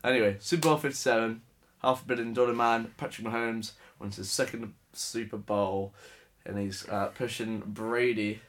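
Young man, from England, casual podcast co-host, low voice, easygoing, self-deprecating. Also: level tone, normal speed, hardly any pauses, fairly bright tone. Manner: laid-back, laughs often, self-mocking. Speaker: podcast co-host, sports correspondent. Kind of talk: casual chat.

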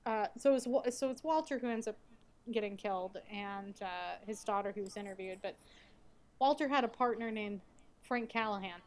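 A woman's voice: medium pitch, moderate pace. A woman co-hosting a podcast, casually recapping a show with wry asides. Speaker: podcast co-host. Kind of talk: casual chat.

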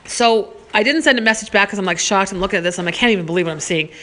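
A woman telling a personal anecdote in a casual, animated way, swearing freely and saying "like" a lot. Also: mid-range voice, rapid-fire.

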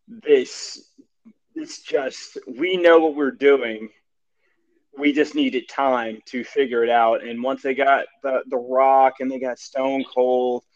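A man's voice: medium pitch, muffled recording. A man co-hosting a casual chat, answering in a matter-of-fact way with frequent restarts.

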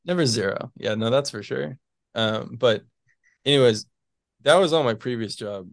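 In a dry, clean studio recording, a physics PhD student in his twenties speaks expressively in a mid-range voice at a moderate pace. Chatting casually as an interview guest, he rambles, fills gaps with many fillers, and chuckles between phrases.

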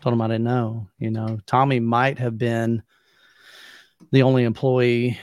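A man's voice: mid-range voice, little pitch movement, a little slow, darkish tone, no room sound. A man co-hosting a podcast in casual chat, easygoing and often tacking on "man". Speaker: podcast co-host.

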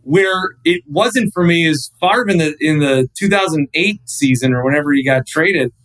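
Man in his thirties, radio host as podcast guest, lively rambling storyteller, slightly higher voice. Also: moderate pace, rough recording. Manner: animated, rambling storyteller with frequent restarts. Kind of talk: casual podcast chat.

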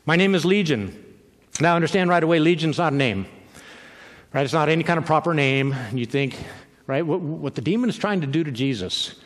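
A man's voice: fairly high pitch, a little fast. A man preaching a sermon in a conversational way, often checking in with the listeners by asking "right?". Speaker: pastor. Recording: long reverb of a large hall.

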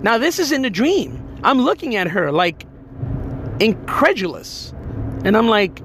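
Animated man telling an emotional story. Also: high-pitched, normal speed, background noise. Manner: emotional, animated retelling with many fillers. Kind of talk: personal storytelling.

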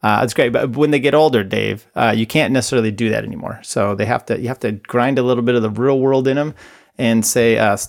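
A man's voice: mid-range voice, quick pace, vocal fry. A man hosting a podcast, talking loosely and rambling between played clips. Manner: rambling, loose, self-interrupting. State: briefly muted on a call. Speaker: podcast host. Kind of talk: casual commentary between clips.

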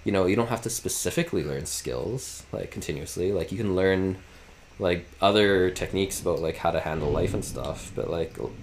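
A man in his twenties co-hosts a casual podcast chat, rambling and packing his speech with fillers, especially "like." His voice is low and a little fast, with slight background noise.

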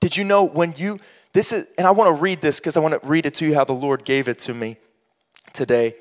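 High-voiced preacher in a reverberant hall. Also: male voice, fairly quick. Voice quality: preaches in rising bursts, quoting imagined voices. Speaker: pastor. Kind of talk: sermon.

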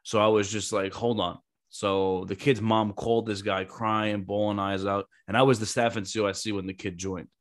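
A man hosting a podcast in a casual, animated and profane way, telling long run-on stories. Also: fairly low pitch, normal speed, few pauses. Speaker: podcast host, former Marine recruiter. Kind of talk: casual chat.

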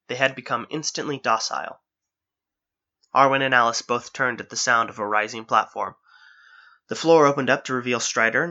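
A man narrating an adventure story in a steady, engaged reading style, on a dull lo-fi recording. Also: mid-range voice.

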